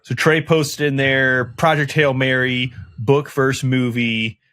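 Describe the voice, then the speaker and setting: A man's voice: medium pitch, little pitch movement, unhurried, fairly bright tone, no echo, clean studio sound. A man hosting a podcast in casual chat, steering the topics. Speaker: podcast host.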